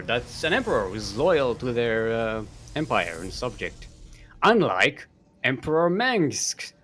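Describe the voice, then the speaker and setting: A man's voice: mid-range voice, very animated, unhurried, fairly bright tone, soft background music. A man casting a live strategy-game tournament, rambling and jokey, chuckling often, with many fillers. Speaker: esports caster.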